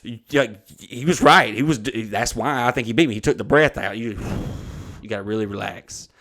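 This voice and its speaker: A man's voice: mid-range voice, moderate pace, a bit bright. A man, telling stories in a rambling, profane, laid-back way as co-host of a casual chat. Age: 30s. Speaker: podcast co-host.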